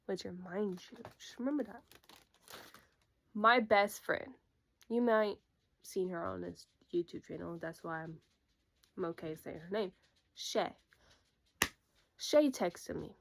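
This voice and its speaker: A young woman in casual storytime chat, retelling a breakup in an animated way and acting out what everyone said. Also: mid-range voice, takes it slowly, vocal fry, long pauses. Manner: animated, quotes people with "I'm like". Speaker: YouTuber.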